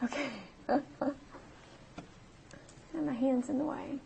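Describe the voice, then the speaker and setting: Woman, math teacher, high voice, chatty, talks through each step. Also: fairly even intonation, takes it slowly, vocal fry, mellow, slight background noise. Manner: chatty, laughs at herself, talks through calculator steps. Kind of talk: recorded math lecture.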